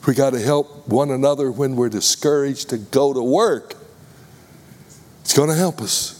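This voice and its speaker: A man with a Texas accent preaching a sermon, deliberate and addressing the congregation with questions. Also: medium pitch, darkish tone, big-room sound.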